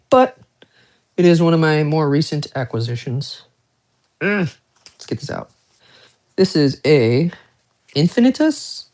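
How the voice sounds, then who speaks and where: A man's voice: fairly high pitch, darkish tone. Rambling, foul-mouthed man showing off watches. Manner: rambling, profane, self-mocking; chatty asides to viewers. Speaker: watch collector and streamer. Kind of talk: casual live-stream show-and-tell.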